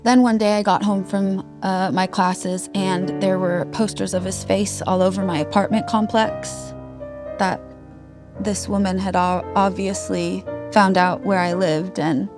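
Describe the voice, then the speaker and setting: A woman's voice: medium pitch, steady tone, unhurried, over music. A woman in her thirties, a musician, candidly telling a raw personal story, heartfelt and swearing freely. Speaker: guest musician.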